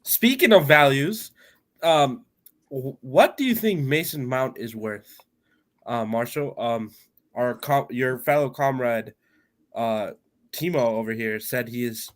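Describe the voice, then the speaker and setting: A man's voice: medium pitch, slow pace, a bit bright. A man with a mid-range voice on a football stream panel. He hesitates a lot, stacking fillers before he gets his question out. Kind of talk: casual football banter.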